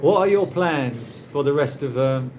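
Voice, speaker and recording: Rambling guy, lively voice. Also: a little high, unhurried, a little hiss or hum. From England. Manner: chatty, rambling, laughs often. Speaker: livestream host. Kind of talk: casual live chat with viewers. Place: condo in the Philippines.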